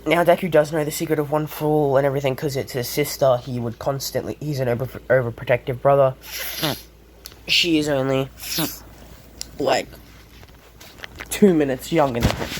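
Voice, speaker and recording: A man narrates an improvised fan story, pausing often with fillers and correcting himself. His voice sits at a middle pitch, with a faint background hum. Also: poor audio. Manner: hesitant, many fillers and self-corrections.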